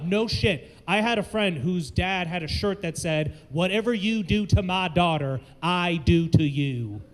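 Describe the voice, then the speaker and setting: A man from the American South co-hosting a live comedy show, loud, playful and exclamatory, working the crowd. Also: high-pitched. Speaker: comedy co-host. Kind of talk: stand-up hosting with crowd work. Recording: echoey hall.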